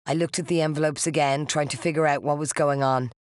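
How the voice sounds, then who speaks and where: An audiobook narrator reads first-person fiction in a measured, steady way. The voice sits mid-pitch, and the recording is dry and close with no room echo. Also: clear, resonant tone.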